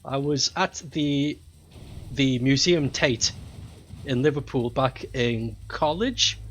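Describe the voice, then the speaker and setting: A man's voice: medium pitch, slow, slight background noise. A man giving loose, profane live commentary while playing a video game, often laughing and talking back to the game. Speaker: game streamer.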